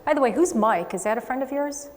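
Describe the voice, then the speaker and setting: A woman psychic medium hosting a show, giving chatty readings to a live studio audience with quick asides and frequent laughs. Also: high-pitched, animated, long reverb tail.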